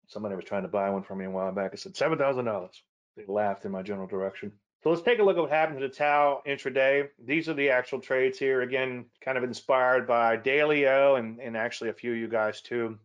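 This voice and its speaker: A man giving a casual trading lesson, chatty and rambling, often correcting himself mid-sentence. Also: mid-range voice. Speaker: trading educator. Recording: slightly dull lo-fi audio.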